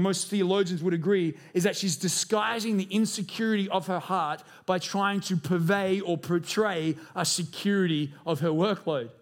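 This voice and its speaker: A young man preaches with a fairly high voice, lively and animated. He keeps slipping into quick acted-out voices to bring his stories to life. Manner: animated, acts out voices in quotes. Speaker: pastor. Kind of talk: sermon.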